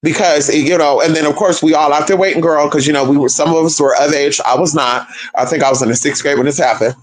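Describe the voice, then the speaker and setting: A man's voice: fairly high pitch, fairly even intonation, quick pace, rough recording. A young man telling a family story to viewers in a casual, profane, sassy way, calling listeners girl and honey. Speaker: spiritual content creator.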